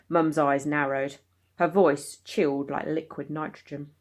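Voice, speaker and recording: A woman reads a bedtime story aloud at a calm, steady pace. Her voice sits low. She tells the story plainly and evenly. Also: measured pace. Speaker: story reader.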